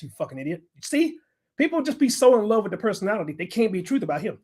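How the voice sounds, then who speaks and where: A man's voice: high-pitched, very animated, quick pace, darkish tone, husky. A man in his forties from the United States, ranting bluntly and profanely in heated livestream commentary. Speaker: livestream host, general contractor.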